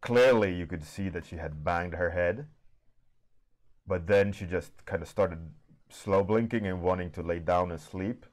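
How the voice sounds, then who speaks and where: A man with a deep, low voice chats casually with viewers during a live art warmup stream. He talks in an easygoing, unhurried way and drawls his words out slowly. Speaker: artist streaming a warmup session. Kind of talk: casual chat to a live audience.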